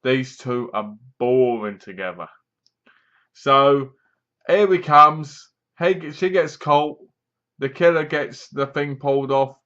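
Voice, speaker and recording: A man's voice: medium pitch, slow, fairly bright tone, highs cut off. A man reviewing a horror film in a casual, rambling, sarcastic way. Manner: sarcastic, mocking, meandering.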